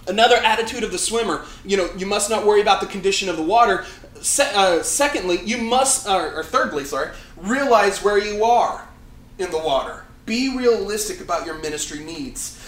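A man's voice: high-pitched, lively intonation, fairly quick, fairly bright tone. A young man preaching a casual sermon to a campus ministry, often restarting and correcting himself. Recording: echoey room with faint ambience.

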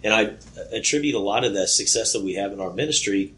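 Man youth minister, deep voice, earnest, stumbles over words. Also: fairly bright tone, low-quality recording. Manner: earnest, halting, many fillers. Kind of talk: workshop talk. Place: conference room.

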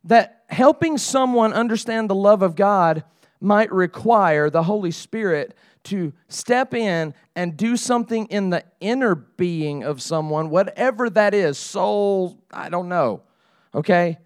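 A middle-aged man preaches in a high voice, casual and conversational one moment, earnestly pleading the next. The sound is close and dry, with little room around it. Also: unhurried, no room sound. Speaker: pastor. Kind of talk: sermon.

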